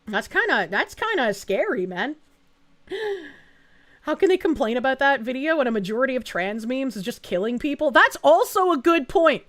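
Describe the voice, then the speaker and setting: A woman streamer chatting live, reacting fast and swearing freely while thanking donors. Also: high voice. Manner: excitable, profane, quick reactions with frequent laughs. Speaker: VTuber streamer. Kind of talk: casual live-stream chat reading donations.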